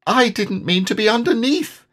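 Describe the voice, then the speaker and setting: A man voicing a tiny, timid young piglet in a high, squeaky, fretful voice while reading a storybook aloud. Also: very animated, unhurried, fairly bright tone, full character voice. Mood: anxious squeaky.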